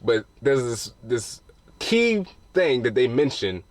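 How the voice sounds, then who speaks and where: A man's voice: mid-range voice, very animated, slow pace. A man giving a casual spoiler recap of a film, talking loosely with cursing and frequent restarts. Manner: loose and profane, full of restarts. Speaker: movie reviewer.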